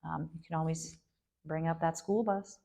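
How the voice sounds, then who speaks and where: A woman guiding a yoga nidra meditation in a gentle, unhurried way, with soft asides and frequent fillers. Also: low voice, fairly even intonation, gravelly. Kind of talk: guided meditation instruction.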